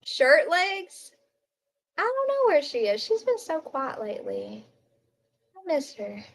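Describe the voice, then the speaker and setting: This livestream host has an extremely high voice with wildly swooping pitch and a slow pace. Streaming casually from home at night, she chats and giggles with her viewers and talks to her pet.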